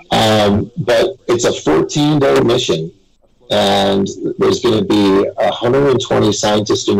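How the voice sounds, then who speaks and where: A man's voice: on the low side, vocal fry, darkish tone, husky, low-quality recording. A man guesting on a live web radio show, telling stories in a rambling, casual way and chuckling between them.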